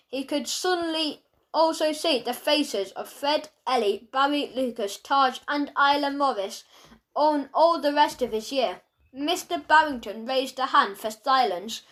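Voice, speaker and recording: A woman narrating a children's audiobook in a lively storytelling manner. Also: high voice.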